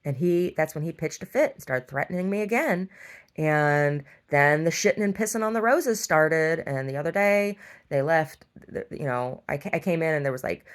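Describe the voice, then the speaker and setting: In a casual storytelling monologue, a middle-aged woman who runs a store rambles at length, getting exasperated and frequently starting over. She speaks at a moderate pace in a low-pitched, expressive voice.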